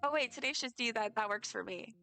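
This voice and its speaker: A tired woman streams a game and chats away, rambling and joking at her own expense. Her voice sits a little high and rings bright and smooth. Soft music plays underneath her. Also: a little fast. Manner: chatty, self-deprecating, rambling. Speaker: live streamer. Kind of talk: casual chat while playing a game.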